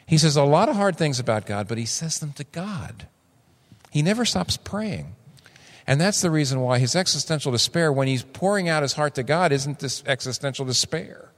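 Animated older male preacher in a reverberant hall. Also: moderate pace. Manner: animated, acts out quoted voices with big pitch jumps. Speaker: pastor. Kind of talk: sermon. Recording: long reverb of a large hall.

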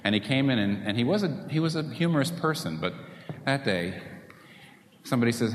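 A man preaching a sermon as a pastor, in an animated, conversational way. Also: fairly low pitch, a little fast, slight background noise. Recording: echoey hall with long reverb.

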